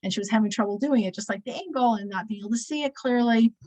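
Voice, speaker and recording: A woman's voice: on the high side, fast talker, dark tone, low-quality recording. A woman in her sixties teaching a weekly scripture class, talking casually and telling stories with many fillers and restarts. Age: 60s.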